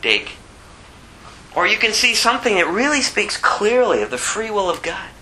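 A man's voice: high voice, expressive, fairly quick, sharp tone, slight background noise, poor audio. A man giving an informal sermon as a Bible teacher, emphatic and conversational, repeating phrases for effect. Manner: conversational with asides.

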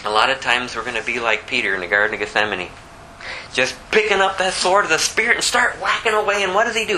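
A man preaching a sermon with fervent, animated delivery that builds toward near shouting. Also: on the high side, slight background noise, rough recording.

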